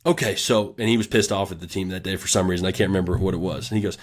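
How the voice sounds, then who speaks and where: A young man, a strength coach, telling lively stories in a casual podcast chat and acting out a shouting coach. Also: low-pitched, racing, hardly any pauses. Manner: animated storyteller who acts out a shouting coach.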